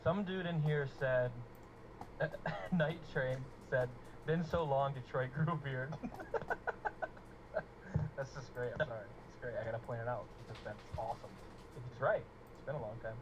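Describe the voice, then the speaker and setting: A man's voice: medium pitch, lively intonation, measured pace, pauses often. Chatty, joking man with noisy audio. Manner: joking, chatty, laughs often. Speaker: live stream co-host. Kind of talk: casual banter on a live stream. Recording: noisy live stream audio.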